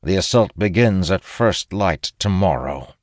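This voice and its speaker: A man reading an audiobook, voicing a cold, merciless male general who speaks gruffly and evenly. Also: low voice, measured pace, no echo, clean studio sound, voice pushed up. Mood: menacing. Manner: gruff, even, unyielding.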